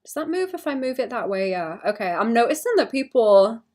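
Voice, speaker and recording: A young woman streaming her illustration work, chatting casually and thinking out loud with a self-conscious, rambling manner and some vocal fry. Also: fairly high pitch, sing-song, brisk. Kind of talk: casual livestream chat while drawing.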